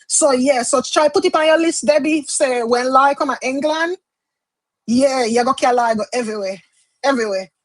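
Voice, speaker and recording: A woman's voice: high-pitched, a little fast, dry recording, low-quality recording. A Jamaican woman, a tarot reader, chatting casually on a livestream and slipping into patois phrases. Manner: chatty, switches into patois phrases, laughs often.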